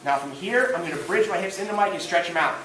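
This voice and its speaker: A man with a high, sharp-toned voice coaches a live grappling class at a jiu-jitsu gym, talking at a quick pace. He demonstrates on a partner and makes self-deprecating jokes, while the distant recording echoes around the indoor space.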